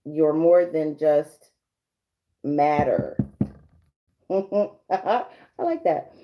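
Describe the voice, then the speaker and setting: A woman's voice: deep voice, extremely slow, lo-fi sound. A woman giving a casual livestream tarot reading, rambling through restarts and fillers and laughing often. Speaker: tarot reader.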